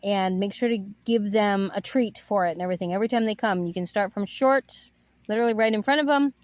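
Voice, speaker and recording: A woman's voice: medium pitch, fast talker, no echo. A woman who runs an animal rescue, chatting casually and giving upbeat tips on training dogs. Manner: chatty, upbeat, full of fillers.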